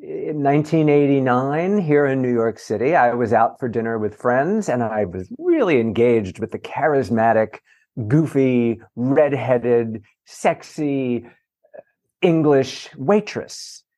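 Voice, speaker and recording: A middle-aged man, a journalist and author, telling lively, self-mocking stories in a casual interview. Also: medium pitch, takes it slowly. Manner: animated, self-mocking anecdotes with playful voices. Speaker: entertainment journalist and author, guest.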